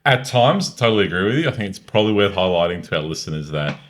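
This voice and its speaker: A man's voice: low-pitched, sing-song, fast talker. A man co-hosting a casual film review podcast, easygoing with dry teasing. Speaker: podcast co-host.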